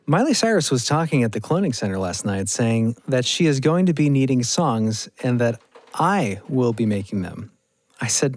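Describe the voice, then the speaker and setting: A man co-hosting a casual podcast, reading a long online post aloud with quick asides. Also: mid-range voice, very animated, dry recording. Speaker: podcast co-host.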